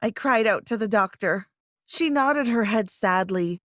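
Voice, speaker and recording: A woman narrating a dramatic first-person story for an animated video. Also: medium pitch, unhurried, dry recording.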